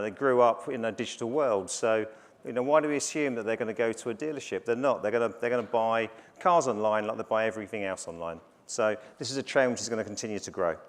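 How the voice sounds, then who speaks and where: A man's voice: medium pitch, fast. Man giving a conference talk. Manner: conversational, frequent fillers and restarts. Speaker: conference speaker. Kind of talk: business conference presentation. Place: conference stage.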